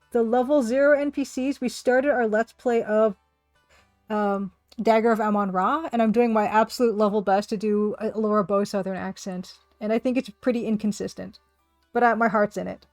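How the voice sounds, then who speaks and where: A woman's voice: mid-range voice, darkish tone, dry recording. A woman from Canada, a game artist and developer, chatting casually on a live stream and answering viewers in a chatty, self-deprecating way.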